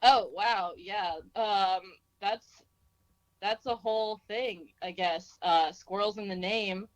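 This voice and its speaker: Young female singer-songwriter guest from Texas, mid pitch, dry sound, loose and self-mocking. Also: steady tone, slow, no room sound, poor audio. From Austin, Texas. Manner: laid-back, self-deprecating, lots of "like" and "um". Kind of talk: casual interview.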